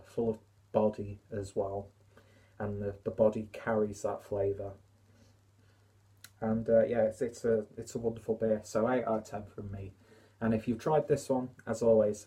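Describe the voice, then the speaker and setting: Male vlogger, relaxed dark voice, rambling and upbeat, swears casually. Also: mid-range voice. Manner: chatty, enthusiastic, swears casually. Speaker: beer reviewer. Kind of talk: casual video review.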